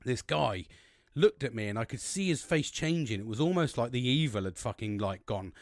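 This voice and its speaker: Animated man telling a story. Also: medium pitch, moderate pace, no room sound, clean studio sound. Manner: animated, heavy swearing, rambling with restarts. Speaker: podcast host. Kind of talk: casual storytelling monologue.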